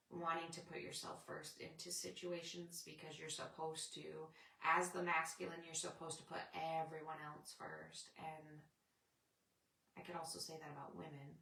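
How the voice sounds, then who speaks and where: Gravelly woman chatting about crystals. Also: low-pitched, a bit bright, roomy sound, far from the mic. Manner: rambling, chatty, reads out viewer comments. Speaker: spiritual livestream host. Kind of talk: casual spiritual chat with viewers.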